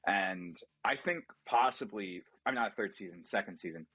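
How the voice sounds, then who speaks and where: A man's voice: on the low side, expressive, normal speed, a bit bright, breathy edge. A man in casual podcast chat, talking loosely with hedges and the odd swear. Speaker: podcast co-host.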